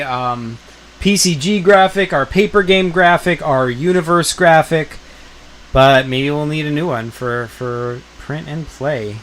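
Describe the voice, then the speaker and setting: A man's voice: on the high side, fairly bright tone. Rambling man hosting a casual stream. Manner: rambling, filler-heavy, enthusiastic. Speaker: streamer host. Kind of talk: casual live stream chat.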